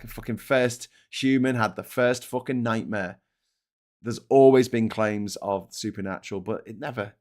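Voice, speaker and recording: A middle-aged British man with a mid-range voice hosts a casual live stream. He rambles, swears often, and mocks himself while reading comments and papers.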